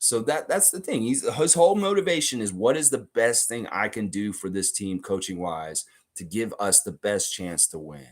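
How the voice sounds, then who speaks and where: A man's voice: fairly low pitch, normal speed, hardly any pauses. A man hosting a casual basketball fan livestream, reading viewer comments aloud and acting out the people he quotes. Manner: talkative, acts out quoted people. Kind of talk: casual sports talk reacting to chat.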